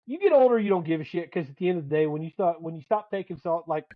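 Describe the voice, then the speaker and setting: A man co-hosting a podcast, telling profane, animated stories in casual sports banter as a dad and coach. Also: fairly high pitch, quick pace, dry recording, narrow, tinny audio. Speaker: podcast co-host.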